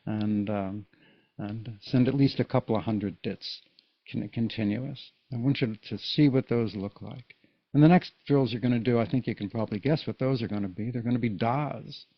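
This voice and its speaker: A man's voice: medium pitch, normal speed, no echo. A man giving a casual, patient Morse code lesson, explaining each step in plain words. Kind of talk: casual spoken tutorial. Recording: dull lo-fi recording.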